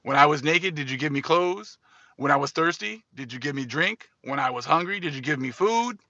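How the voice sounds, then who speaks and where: A man's voice: fairly high pitch, animated, brisk, sharp tone, dry recording, muffled recording, full character voice. A man voicing a solemn savior figure. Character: solemn male savior judging people.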